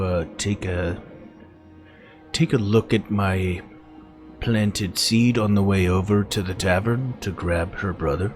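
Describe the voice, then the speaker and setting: Halting low-voiced tabletop player. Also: male voice, music in the background. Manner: halting, with many fillers. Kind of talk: playing a character in a tabletop game.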